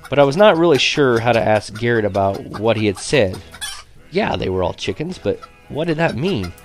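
A young man reading a first-person story aloud, lively and wry, switching to quieter voices for the other characters. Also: medium pitch, moderate pace, soft background music. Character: boy narrator recalling spying on a neighbor. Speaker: audiobook narrator. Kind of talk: first-person audiobook narration.

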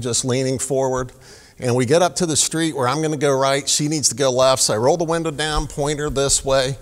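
A man who is a police officer, speaking as a guest in church and telling a story with acted-out dialogue. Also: mid-range voice. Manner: animated storyteller, acts out dialogue. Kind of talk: storytelling sermon. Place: church sanctuary. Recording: long hall reverb.

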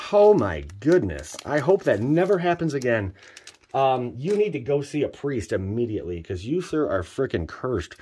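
A man casually commenting as he opens card packs for viewers, excitable and joking, jumping between loud hype and quiet muttering. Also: mid-range voice, brisk, slightly rough. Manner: slangy, joking, teasing. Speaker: channel host opening card packs for viewers.

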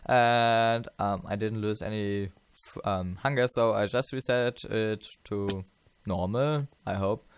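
A tired man talks through his let's play, rambling and halting, full of fillers and restarts. His voice sits a little low and sounds smooth and clean. The sound is dry and close. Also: no echo. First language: German. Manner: rambling, halting, many fillers and self-corrections. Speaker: gameplay channel host.

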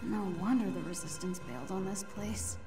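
A woman's voice: medium pitch, moderate pace, mellow, lightly acted. A woman voicing a young female superhero in a video game, delivering dry, self-mocking quips. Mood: wry. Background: faint game music.

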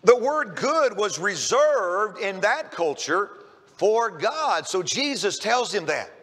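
In a church sanctuary with a big-room sound, a Kentucky man preaches a sermon in a high, bright, very animated voice, taking it slowly. He's emphatic and often repeats the first words of a sentence as he begins it.

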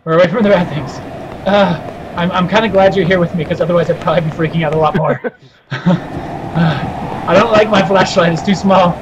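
A man's voice: high voice, brisk, highs cut off. A young man hosting a horror game let's play, chatting nervously and shrieking when scared. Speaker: gaming video host. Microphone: headset or desk mic, facecam. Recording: noisy home recording.

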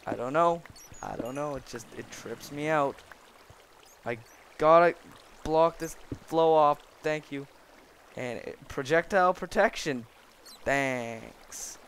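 A young man giving excitable, rambling commentary while playing a block-building game and joking with the creatures he meets. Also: fairly high pitch, takes it slowly, a little hiss or hum. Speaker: gaming video creator. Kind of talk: Minecraft let's play commentary.

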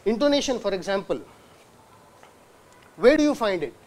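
A man lectures in a hall. He keeps asking the audience questions he then answers himself. He sounds out words slowly to demonstrate them. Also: sits high, very animated, darkish tone. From India. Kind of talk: university lecture.

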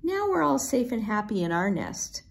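A woman voicing a cheerful, gentle little girl doll who speaks sweetly and softly, read from a storybook. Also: a little high, sing-song, normal speed, gravelly.

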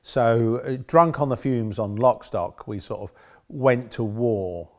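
Speaking slowly in a medium-pitched, slightly mellow voice, a middle-aged director reminisces in an interview about making a film. His recollections ramble, and he often corrects himself.

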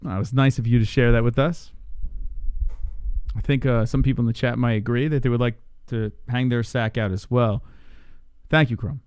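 A man's voice: medium pitch, steady tone, moderate pace, a little mellow, clean tone, no echo. A man hosting a live stream, chatting casually with a laid-back, joking manner and swearing freely. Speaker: stream host. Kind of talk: casual live reaction chat.

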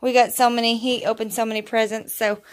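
Chatty upbeat young mom vlogging. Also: female voice, on the high side, flat delivery, fast talker, no room sound. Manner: chatty and upbeat, sing-song when talking to her kids. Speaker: family vlogger and mother. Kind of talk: casual family vlog.

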